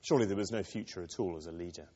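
A man preaching a sermon to a congregation, expressive and acting out quoted lines. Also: low voice, rapid-fire, slightly rough. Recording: dull reverberant hall.

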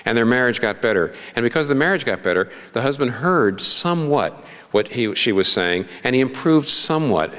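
A middle-aged pastor delivers a sermon in a conversational, earnest tone, full of questions to the congregation. His voice sits at an ordinary male pitch. The sound carries a long reverb, as in a large sanctuary. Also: animated, fairly quick, a bit bright.

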